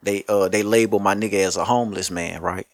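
Fairly low-pitched and quick, the male host of a commentary show comes through a dry, studio-quality recording. His delivery is blunt and heavily profane street talk, and his storytelling is full of animated energy.

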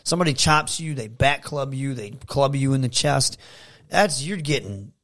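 A man from Michigan talking as a guest on an interview show, telling casual stories in an animated way. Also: mid-range voice, moderate pace. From Saginaw, Michigan, USA. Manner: animated, acts out quotes in a raised voice. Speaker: guest, professional wrestler.

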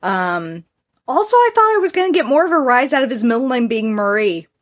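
A woman in her thirties hosting a podcast in a fairly high voice. She talks casually and drops dry, deadpan jokes while she tells the story. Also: a little fast. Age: 30s. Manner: wry, deadpan humor. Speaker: podcast host. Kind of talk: casual chat.

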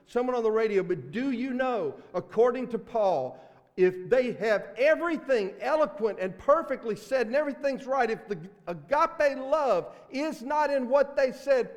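High-voiced Mississippi pastor preaching earnestly. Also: male voice, long reverb tail. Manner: earnest, swings from loud emphasis to hushed asides. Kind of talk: sermon. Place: church sanctuary.

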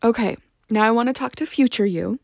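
A young woman, a podcast host and mother, talking in a heartfelt personal monologue, gushing and tender with many ums and soft whispered asides. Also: on the high side, a little fast, gravelly, dry recording.

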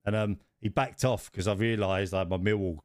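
A man co-hosting a podcast, telling stories in an animated way. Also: lowish voice, a little fast, dry recording, studio quality. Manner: animated storytelling, rising when worked up. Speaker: podcast co-host. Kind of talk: casual chat.

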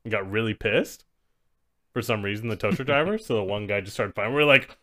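A man's voice: fairly low pitch, fairly quick, a bit bright. A young man hosting a podcast, telling stories in casual chat and laughing as he goes. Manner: laughs through his stories. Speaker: podcast host.

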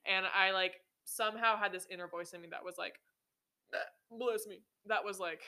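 A woman's voice: medium pitch, steady tone, moderate pace, pushed and bright. A woman in her twenties telling her own story on a podcast, casual and full of swearing and filler words. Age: 20s. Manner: casual, swears often, many ums and likes. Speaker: podcast host.

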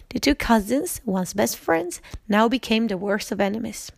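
A woman's voice: on the high side, lively intonation, normal speed, creaky, few pauses, dry recording. Woman reading a story with small slips. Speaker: narrator.

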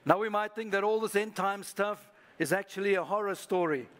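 A man with a high voice preaches to his congregation. He leads the room in call-and-response, asking listeners to repeat lines to their neighbours. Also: brisk, a bit bright. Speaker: pastor. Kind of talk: sermon. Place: church service.

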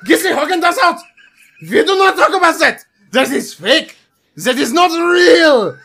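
A man's voice: high-pitched, sing-song, normal speed, a bit bright, exaggerated voice. A man voicing a pompous German-accented businessman with a put-on German accent, ranting and indignant. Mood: outraged ranting.

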